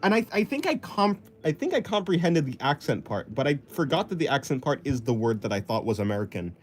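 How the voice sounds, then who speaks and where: A man's voice: mid-range voice, big pitch swings, fairly quick, a little hiss or hum. Rambling young man chatting while drawing. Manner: rambling, self-deprecating, laughs often. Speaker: artist streaming while drawing. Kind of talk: casual chat reading viewer comments. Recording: faint music in the background.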